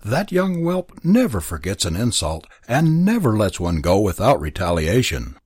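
A man's voice: on the low side, huge pitch swings, normal speed, a little mellow, breathy edge, no echo, studio quality, full character voice. A man voicing a crude, lewd middle-aged guard captain in a storybook reading, talking in a coarse, gloating way. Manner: coarse, leering.

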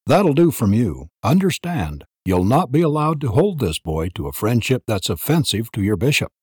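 Guy doing a harsh bossy church elder man, husky, dry sounding, swings pitch a lot. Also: sing-song, normal speed, a little mellow, dry recording. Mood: domineering. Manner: harsh, commanding, clipped threats. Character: stern jealous male church elder, harsh, domineering. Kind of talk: audiobook reading.

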